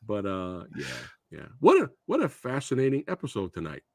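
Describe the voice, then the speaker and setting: A man hosting a casual film discussion podcast, getting emotional and halting, laughing between words. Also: mid-range voice, wildly swooping pitch, crowd noise. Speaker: podcast host.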